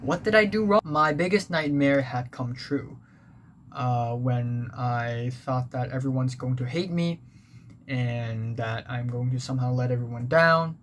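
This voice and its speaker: This young man, a vlogger, confides a personal story in a mid-range voice that runs a little slow. It's rambling and full of fillers and restarts, with clear background noise behind him.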